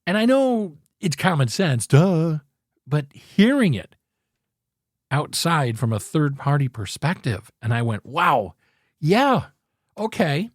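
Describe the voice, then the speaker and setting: A man's voice: on the high side, animated, a little slow, no echo, studio quality. A man hosting a podcast, talking through a casual motivational monologue in an earnest, rambling way, often correcting himself. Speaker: podcast host.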